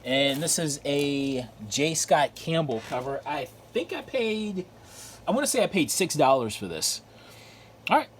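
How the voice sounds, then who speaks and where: A man's voice: a little high, very animated, measured pace, a little hiss or hum. A man showing off his comic book haul in a casual, chatty way, repeating phrases and filling gaps with "uh" and "like.". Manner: chatty, repeats himself, lots of fillers. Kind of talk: casual video commentary.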